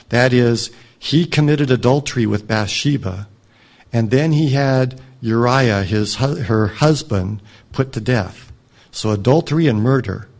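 A man reading a scripture passage aloud and commenting on it as a teacher, in a measured, reflective way. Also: medium pitch. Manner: measured, reflective, drops soft on moving lines. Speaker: Bible teacher.

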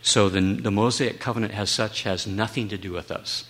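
A man delivers a Bible teaching talk in a fairly low voice. He presses his points earnestly and emphatically, now and then slipping in a wry aside. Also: fairly even intonation, normal speed, fairly bright tone. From United States.

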